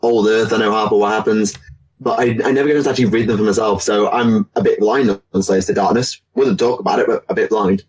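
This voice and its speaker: Husky-voiced man co-hosting a podcast. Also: fairly low pitch, fairly even intonation, quick pace, darkish tone, low-quality recording. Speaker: podcast co-host. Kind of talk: casual chat.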